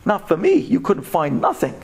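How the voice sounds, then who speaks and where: A man's voice: high voice, wildly swooping pitch, moderate pace, a little mellow, slightly rough, heavily acted. A man voicing a pair of placating, streetwise talking eyes in a storytelling sermon.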